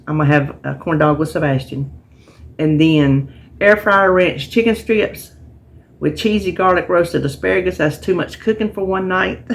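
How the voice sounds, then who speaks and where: A middle-aged woman, chatting casually and a bit tiredly to camera, rambling with restarts as she talks. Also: low-pitched. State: tired, yawning. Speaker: vlogger sharing a weekly menu plan.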